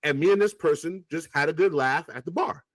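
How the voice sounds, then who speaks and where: A man's voice: a little high, fairly quick, dry recording. A man, a rapper, casually telling stories as an interview guest, swearing freely and acting out past conversations. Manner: animated, profane, acts out past conversations.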